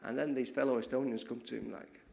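Gravelly-voiced preacher telling a story. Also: male voice, medium pitch, fast. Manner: lively retelling of a story, acting out the quotes; frequent repeated words and restarts. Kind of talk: sermon storytelling.

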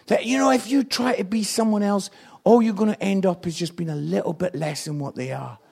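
A Scottish man preaching an evangelistic sermon, energetic and jokey with loud outbursts. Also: high-pitched, brisk, vocal fry, husky. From Scotland.

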